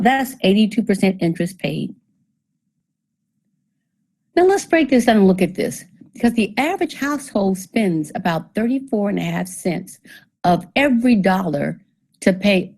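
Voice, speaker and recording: A woman presents a seminar on debt, working through the figures step by step, quizzing the audience, and adding a dry, sarcastic edge to some points. Her voice is medium-pitched and warm, though the recording quality is low.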